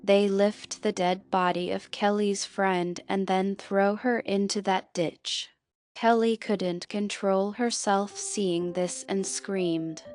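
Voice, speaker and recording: A woman reading a scripted film recap narration in a slow, measured way, walking through plot events and quoted lines. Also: mid-range voice, steady tone, darkish tone, clear, resonant tone, dry recording.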